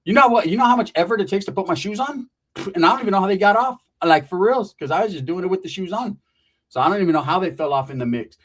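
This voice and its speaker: A middle-aged man spins a profane comic story full of slang and swagger. His voice sits a little higher than most men's. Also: animated, quick pace, fairly bright tone. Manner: swaggering, slangy, swears constantly. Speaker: stand-up comedian.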